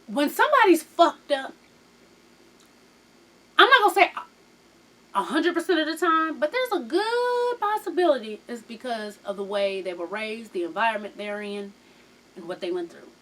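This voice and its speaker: A woman's voice: fairly high pitch, animated, normal speed, long pauses, sharp tone. A woman recapping a reality show in a casual, sassy, profane gossip style, acting out the people in her story.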